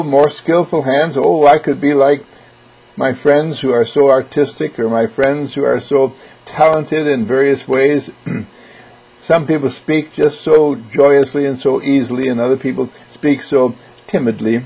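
Gravelly, husky man giving a motivational talk. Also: medium pitch, poor audio. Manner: animated, acts out quoted voices; frequent throat clearing. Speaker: motivational speaker.

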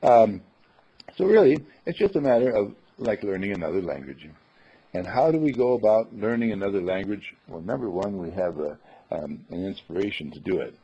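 A man's voice: on the low side, expressive, normal speed, dark tone, breathy edge. A man giving a rambling, folksy spiritual talk, acting out the quotes he tells. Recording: dull lo-fi recording.

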